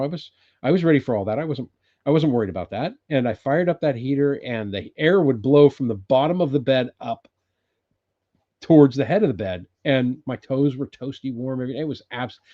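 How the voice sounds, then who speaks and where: An older man from California hosting a casual live chat from his off-grid cabin, rambling and laughing often as he greets viewers loudly. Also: medium pitch, muffled recording. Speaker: live-stream host.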